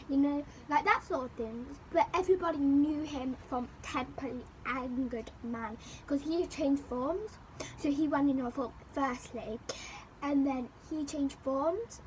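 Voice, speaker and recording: A young woman vlogger telling a school story in a rambling, animated way, looping back over the same phrases. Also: high voice, a little slow, a little hiss or hum, low-quality recording. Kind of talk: storytime chat.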